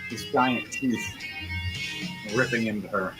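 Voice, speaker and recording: A man's voice: on the low side, slow pace, rough recording. A man narrating as game master of a tabletop game, describing combat in graphic, profane detail. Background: music playing.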